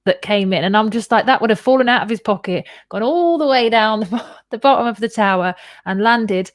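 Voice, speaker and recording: A woman's voice: fairly high pitch, a little fast, no echo, clean studio sound. A woman hosting a podcast, telling a personal story in a casual, candid way and acting out the voices she quotes. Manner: animated and candid, swears freely, acts out quoted voices. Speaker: podcast host.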